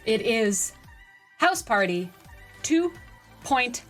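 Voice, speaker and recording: High-voiced excitable woman streamer. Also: extremely slow, soft background music. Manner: chatty, excitable, talks to chat. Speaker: game streamer. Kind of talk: live-stream gaming chat.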